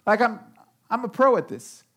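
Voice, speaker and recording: A man voicing an offended, prideful spouse who takes criticism as an insult, speaking in slow, sarcastic emphasis. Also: very high-pitched, lively intonation, fairly bright tone, pitched above the performer's own voice, heavily acted. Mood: indignant. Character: indignant defensive spouse, prideful.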